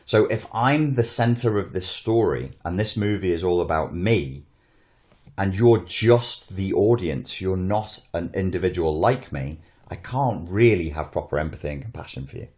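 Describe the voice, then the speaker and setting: A man's voice: deep voice, animated, moderate pace, darkish tone. A man in casual podcast chat, rambling and blunt, often restarting his sentences. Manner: rambling, blunt, swears, self-interrupting. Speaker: podcast co-host.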